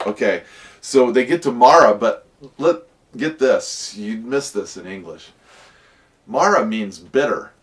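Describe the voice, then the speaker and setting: A man teaching a casual Bible lesson, telling the stories in a lively way and acting out the characters' voices. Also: mid-range voice, unhurried, recorded from a distance.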